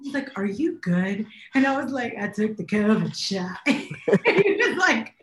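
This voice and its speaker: A woman co-hosting a podcast, a bit under the weather, telling stories in an animated way and laughing often. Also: a little high, measured pace, roomy sound. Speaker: podcast co-host. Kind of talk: casual chat.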